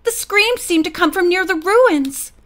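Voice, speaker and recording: A woman's voice: very high voice, animated, measured pace, fairly bright tone, voice pushed up, heavily acted. A woman voicing a timid, nervous teenage girl who talks in a fretful, breathless way.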